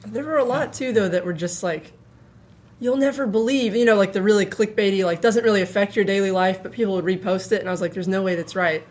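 A woman's voice: medium pitch, fast talker, hardly any pauses, darkish tone. A woman co-hosting a podcast, chatting casually with many "like" fillers. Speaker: podcast co-host. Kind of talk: casual chat.

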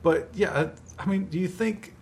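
A man's voice: high-pitched, normal speed, creaky, slight background noise. A man co-hosting a podcast, talking casually and skeptically, often restarting his sentences. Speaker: podcast co-host. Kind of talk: casual chat.

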